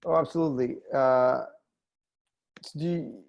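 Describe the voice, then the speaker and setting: A theater director hosting a panel over a video call, talking in a halting way with many fillers and restarts. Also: male voice, on the high side, lively intonation, a little mellow, lo-fi sound, slight background noise. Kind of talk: casual video-call chat.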